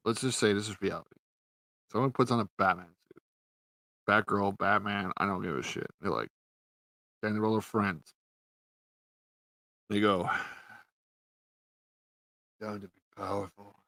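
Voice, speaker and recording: A man's voice: fairly low pitch, a bit bright, dry recording, rough recording. A man ranting sarcastically and profanely in a casual review, a little tipsy. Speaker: TV show reviewer.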